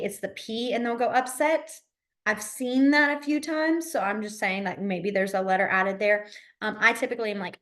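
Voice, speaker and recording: A young woman teaching a beginner sign language class, chatty and quick to laugh, with lots of fillers. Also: fairly high pitch, a bit bright. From Alabama. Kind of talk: casual classroom instruction.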